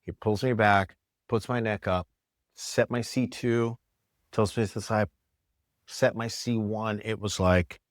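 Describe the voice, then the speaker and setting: A man, a chiropractor, telling a story in a podcast interview in an animated way, acting out what others said to him. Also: on the low side, a little slow, no echo, studio quality. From United States. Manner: animated, acts out quoted dialogue. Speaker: chiropractor guest. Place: podcast studio.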